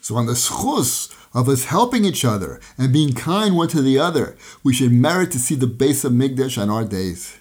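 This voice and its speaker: A man's voice: medium pitch, big pitch swings, normal speed, hardly any pauses, darkish tone. A man giving a Torah talk, telling parables in an earnest storytelling way and using Hebrew and Yiddish terms. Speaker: Torah teacher.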